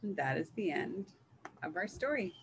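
A woman reading a picture book aloud in a gentle, measured storytelling manner. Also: on the low side, sing-song, vocal fry, slight background noise, poor audio. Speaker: reader.

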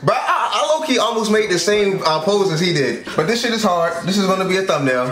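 Animated young man reacting in an echoey room. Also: sits high, brisk, crowd noise. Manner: animated, swearing, laughing, slangy asides. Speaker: anime reaction host. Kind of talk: casual reaction commentary.

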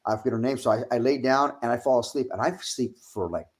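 Middle-aged male guest, lively storyteller who swears and laughs, streaming mic. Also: mid-range voice, fast. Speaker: wrestling guest. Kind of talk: casual storytelling.

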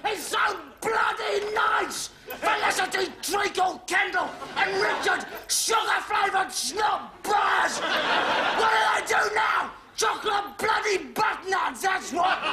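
An actor playing a hysterical, self-righteous young student who rants and shouts in a British accent. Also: male voice. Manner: shrill ranting, shouting. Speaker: sitcom character. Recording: studio audience laughter behind. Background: audience laughter and noise.

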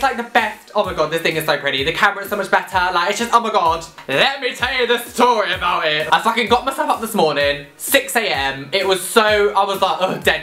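A young man vlogging casually, gushing and excitable and swearing freely. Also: high-pitched, reverberant. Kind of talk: casual vlog chat.

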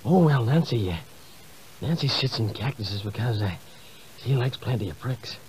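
A man voicing a muddled, forgetful elderly president who answers slowly and evasively. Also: mid-range voice, lively intonation, darkish tone, husky. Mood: vague. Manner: vague, slow, evasive. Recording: muffled comedy CD.

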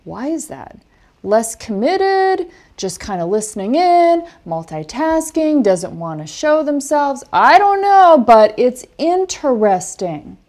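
A woman coaching a film class over a video call, telling stories in an animated way with lively asides. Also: sits high, slow pace. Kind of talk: online class talk.

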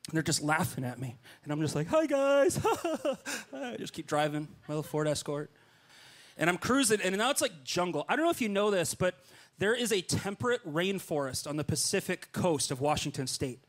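A middle-aged man preaching, telling a long personal story in a lively way and acting out his own lines. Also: a little fast. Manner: animated, acts out his own lines with jumps in pitch. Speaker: pastor. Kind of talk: storytelling sermon.

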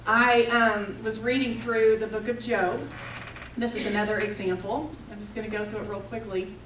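Lady preaching a sermon, fired up then real quiet, high-ish voice, mic kinda far off. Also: flat delivery, normal speed, slight background noise. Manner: impassioned storytelling, swings between loud and hushed. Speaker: women's retreat speaker. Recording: roomy, distant mic, faint ambience.

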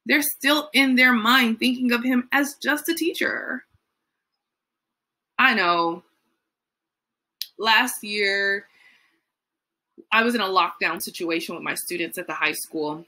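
Chatty bright-voiced woman teaching Bible study. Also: fairly high pitch, takes it slowly, long pauses. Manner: chatty, many fillers, acts out quotes. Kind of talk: casual Bible lesson.

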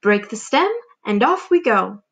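A woman voicing a kind, gentle ladybug. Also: mid-range voice, very animated, a little slow, slightly rough, heavily acted. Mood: gentle reassuring.

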